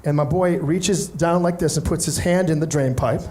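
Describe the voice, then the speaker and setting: With a voice that's a little high and a normal speaking speed, a man performs stand-up, telling an energetic story. He's animated and plays the other characters by doing their voices.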